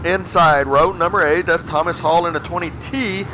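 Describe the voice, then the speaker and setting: A man announcing a race at an outdoor track, with folksy, excitable play-by-play calls. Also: on the high side, moderate pace. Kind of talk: live race commentary. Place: outdoor racetrack. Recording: noisy outdoor track, engines behind.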